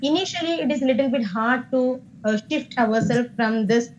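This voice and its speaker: A woman's voice: on the high side, moderate pace, highs cut off, a little hiss or hum. Indian woman teaching English over a call. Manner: explaining patiently with many fillers. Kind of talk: online class discussion.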